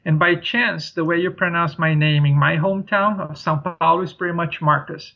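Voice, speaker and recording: A man's voice: a little high, fairly even intonation, brisk, gravelly. A man from Brazil with a Brazilian Portuguese accent, a podcast guest, talking in an easygoing way. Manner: easygoing, many fillers and restarts. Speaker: podcast guest, traveler and author. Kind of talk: casual interview talk. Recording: dull lo-fi sound.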